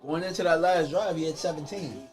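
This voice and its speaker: Blunt, fairly high-voiced man talking football. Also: a little fast, soft background music. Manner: blunt, opinionated banter. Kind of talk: casual sports chat.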